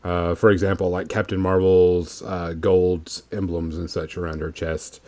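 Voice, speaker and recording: A man hosting a casual podcast, chatting in a relaxed, rambling way with plenty of fillers while he paints miniatures. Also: deep voice, measured pace.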